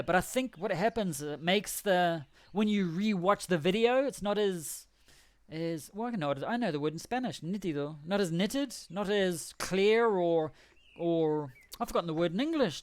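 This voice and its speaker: A man's voice: high voice, lively intonation, normal speed, no room sound. Rambling, jokey male game streamer. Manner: rambling, jokey, self-correcting. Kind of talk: casual livestream chat.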